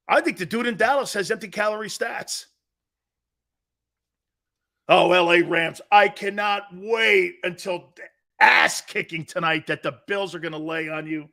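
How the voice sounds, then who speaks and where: A man hosting a sports talk stream, reading fan comments and trash-talking in loud, brash bursts. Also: sits high, gravelly. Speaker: sports talk show host.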